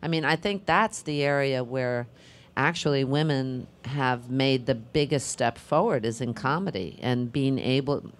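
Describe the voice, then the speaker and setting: A woman's voice: very deep voice, unhurried. Rambling, thoughtful middle-aged woman. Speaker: actress on a panel. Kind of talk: panel Q&A answer.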